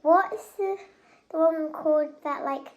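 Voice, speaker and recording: A chatty listener at story time answers questions and comments on the pictures. The voice sits high. A faint hiss runs under the recording. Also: female voice, slow, highs cut off.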